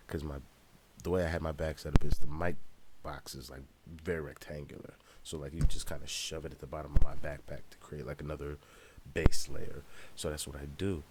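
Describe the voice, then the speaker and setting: Rapper-vlogger type: very low-pitched man, swearing freely through a loose travel story. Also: darkish tone, slight background noise. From United States. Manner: profane, loose and ranting. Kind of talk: casual travel vlog storytelling.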